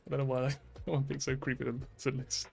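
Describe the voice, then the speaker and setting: A man's voice: mid-range voice, monotone, normal speed, gravelly, a little mellow, faint music behind. A man streaming a game, reading its dialogue aloud with laughing, swearing asides. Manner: laughing, swearing asides between read lines.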